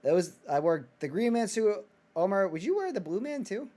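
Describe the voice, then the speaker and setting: A young man with a fairly high voice hosts a casual podcast chat. He talks excitably, swears freely and fills his sentences with filler words. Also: moderate pace. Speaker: podcast host.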